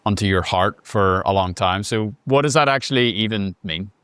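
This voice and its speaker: A man's voice: lowish voice, moderate pace, a bit bright, clear, resonant tone, no echo. A man hosting a podcast conversation, upbeat and playful, with frequent laughs. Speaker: podcast host.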